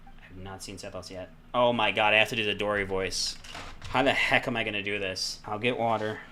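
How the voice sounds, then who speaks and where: A young man streaming a game, joking and breaking into loud excited outbursts between reading dialogue. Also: lowish voice, brisk, a little hiss or hum. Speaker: gaming streamer. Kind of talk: casual gameplay commentary.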